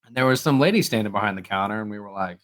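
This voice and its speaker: A man's voice: fairly low pitch, very fast, a bit bright. Rambling young man telling stories. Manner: rambling storyteller, acts out quotes, many fillers. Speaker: podcast co-host. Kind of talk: casual chat.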